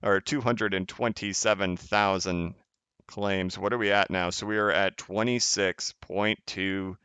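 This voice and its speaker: A man's voice: sits low, fairly even intonation, a little slow, pushed and bright, smooth, no room sound. A man hosting a crypto live stream, chatting casually as he reads viewer comments, rambling and correcting himself, often laughing.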